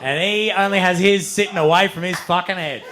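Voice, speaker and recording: Bright-voiced stand-up comedian. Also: male voice, sits high, fairly quick, a little hiss or hum. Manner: animated, swearing, building to shouts. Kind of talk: stand-up storytelling. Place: comedy stage.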